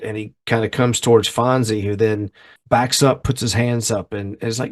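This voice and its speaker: Speaking at a moderate pace with fairly even intonation, a middle-aged man with a lowish voice co-hosts a casual podcast. He recounts a story scene by scene and performs the people's voices as he goes.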